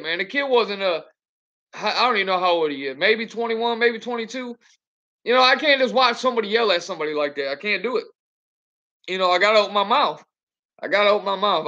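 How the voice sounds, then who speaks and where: Trucker guy ranting on his webcam at home, swears a lot, pretty high voice, kinda muffled audio. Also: sharp tone. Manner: blunt and profane, ranting. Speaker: truck driver. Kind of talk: casual livestream chat. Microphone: computer webcam.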